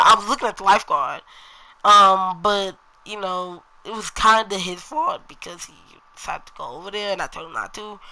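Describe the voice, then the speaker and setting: Bright-voiced woman telling a rambling story. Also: medium pitch, poor audio. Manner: rambling, slangy, many fillers like "you know" and "bro". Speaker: vlogger. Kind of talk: casual storytelling to camera.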